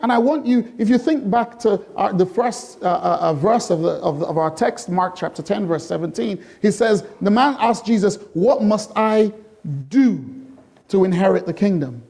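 Middle-aged guy preaching, pretty high voice, soft mellow tone, keeps firing questions at the church. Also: creaky. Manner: repeats rhetorical questions to the congregation; swings between slow emphatic lines and quick bursts. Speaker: pastor. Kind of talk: sermon.

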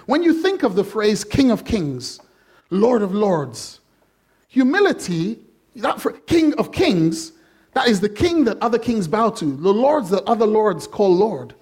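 A male pastor preaching a sermon in a church, animated and jokey, acting out voices. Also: high voice, slightly rough.

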